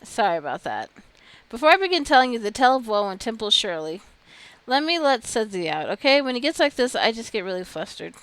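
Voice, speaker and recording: A woman's voice: fairly high pitch, very animated, a little fast, a bit bright, smooth. A woman voicing a flustered, sink-headed man who talks like a nervous stand-up comic, with a dramatic, theatrical manner.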